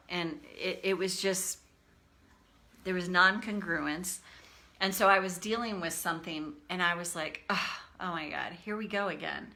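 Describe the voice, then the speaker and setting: Bright-voiced woman, candid tapping coach. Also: medium pitch. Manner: candid, animated, acts out her own reactions in a raised voice. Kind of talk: casual teaching talk.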